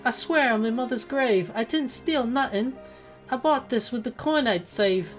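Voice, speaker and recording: Woman doing a high pleading refugee woman. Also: moderate pace, soft background music, lightly acted. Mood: begging. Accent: British, put on. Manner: begging, desperate.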